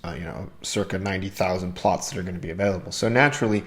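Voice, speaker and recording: A man's voice: low-pitched, rapid-fire. A man hosting a crypto video channel, talking casually and enthusiastically to his viewers as he walks them through a topic. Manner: enthusiastic, addresses viewers as "you guys". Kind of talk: casual explainer talk to camera.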